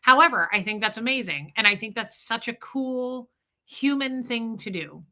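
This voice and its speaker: A woman's slightly high, expressive voice comes across pushed and bright at normal speed. As a vlogger, she tells her viewers a story and takes their comments candidly, chatting, laughing often, and addressing them directly.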